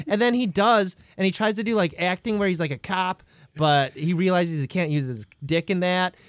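A young man telling a crude, rambling story in casual comedic chat, tossing in quick quoted voices. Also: high-pitched, no room sound, clean studio sound.

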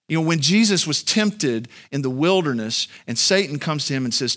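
A man's voice: animated, normal speed, few pauses. Earnest man preaching a sermon. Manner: earnest, builds to loud, high-pitched emphasis; conversational, addresses the congregation directly. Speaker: pastor.

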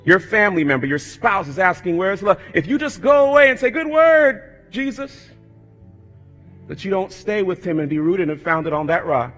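A high-voiced man preaches in a long-reverb church sanctuary, his tone bright and forceful. He shifts from easy, conversational asides into fervent, bellowing appeals. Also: lively intonation, fairly quick, few pauses, faint music behind. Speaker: pastor. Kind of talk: sermon.

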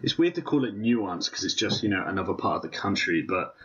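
A man chatting casually, relaxed and hesitant, full of fillers as he recounts things. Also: lowish voice, fairly quick, slightly rough, dull audio. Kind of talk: casual film chat.

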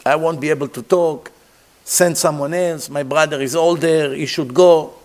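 A man's voice: fairly high pitch, fairly even intonation, moderate pace, a little mellow, natural voice. A man voicing a humble, self-doubting prophet who pleads to be excused from his mission. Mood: pleading. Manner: pleading, hesitant.

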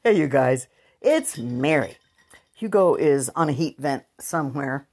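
A woman's voice: a bass voice, animated, a little slow, a little mellow, breathy edge. A woman vlogger chatting candidly to her viewers in a frank, casual way, with sighs and laughs. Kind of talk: casual chat to camera.

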